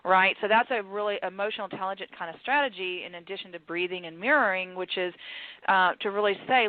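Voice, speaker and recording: A woman's voice: mid-range voice, fast, no echo. Texan woman hosting over a phone line. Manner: chatty, many restarts and fillers, acts out quotes. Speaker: radio show host. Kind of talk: casual panel talk on conflict coaching. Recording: tinny phone-line internet radio.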